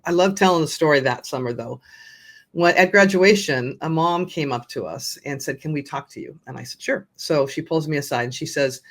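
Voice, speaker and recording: Older woman, podcast guest with a low voice and an earnest storytelling manner that keeps restarting sentences. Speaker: guest, nonprofit founder. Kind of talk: conversational storytelling.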